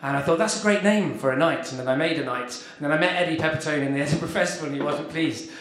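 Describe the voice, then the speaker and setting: A man hosting a live comedy night, chatting casually and rambling quickly through a story. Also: a little high, a bit bright. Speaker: event host. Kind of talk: casual stage chat. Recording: echoey live room.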